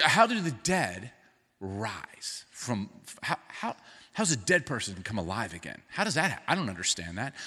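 A middle-aged man preaching a sermon as pastor, animated and rising into emphatic bursts. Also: fairly high pitch, husky, long reverb tail. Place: church sanctuary.

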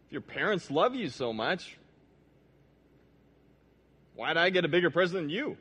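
A man's voice: fairly high pitch, sing-song, normal speed, sharp tone, slightly rough, heavily acted. A man voicing a smug, boastful boy with a too-cool-for-school attitude. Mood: taunting. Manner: taunting, boastful.

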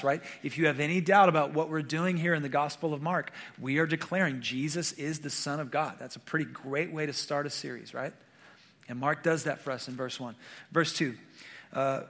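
A male pastor with a fairly bright, somewhat high voice preaches in a conversational style. He frequently checks in with the congregation through questions, and his speech is full of fillers and restarts.

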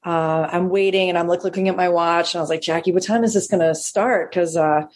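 A woman comedian telling a long profane anecdote, animated and acting out the people she quotes. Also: on the low side, a little fast. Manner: animated, acts out quoted voices, swears freely. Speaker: stand-up comedian.

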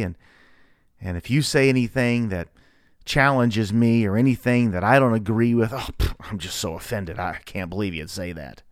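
A man reading scripture and giving a devotional sermon, earnest and full of rhetorical questions, his pitch rising sharply for emphasis. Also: dry recording, clean studio sound. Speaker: preacher.

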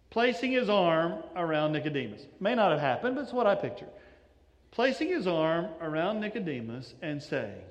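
A male pastor with a high voice delivers a sermon with a long reverb tail trailing his words. He tells stories and acts out the voices of the people in them, shifting his inflection for each.

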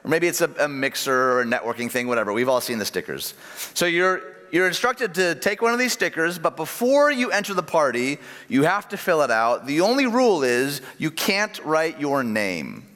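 A pastor delivers a sermon at a moderate pace in a slightly high voice, with a lively, swinging rhythm, dropping low and quiet to land his key phrases. A long reverb from a large church hall carries his words.

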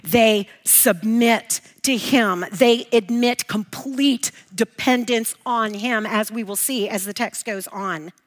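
Woman teaching a bible lesson, slightly high. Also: slow, few pauses. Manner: emphatic, repeats key points, asks and answers own questions.

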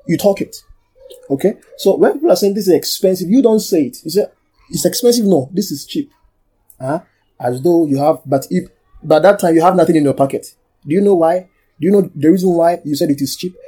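Husky-voiced pastor preaching emphatically. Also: mid-range voice, warm tone. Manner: emphatic, repeats key phrases, calls for amen; directs the congregation to read aloud. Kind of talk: sermon and Bible study.

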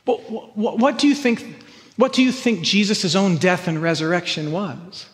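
A man's voice: high-pitched, moderate pace, in a large hall. A man preaching a sermon as pastor, earnest, often repeating words as he presses a point.

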